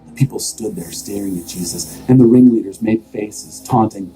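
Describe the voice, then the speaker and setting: A man reading scripture aloud as an expressive, steadily told story, with faint music behind. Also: on the low side, moderate pace, hardly any pauses, husky, rough recording. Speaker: scripture reader.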